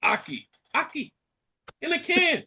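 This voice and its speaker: A Caribbean man hosting a podcast, ranting in an animated way and repeating lines for effect. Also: very high voice, unhurried. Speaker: podcast host. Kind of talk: casual chat.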